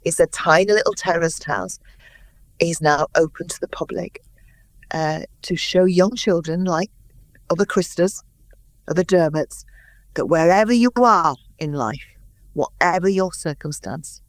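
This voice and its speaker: Lively older woman telling anecdotes. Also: fairly low pitch, a little slow, no room sound. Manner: lively anecdotal storyteller, acts out quotes. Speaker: guest. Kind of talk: interview storytelling.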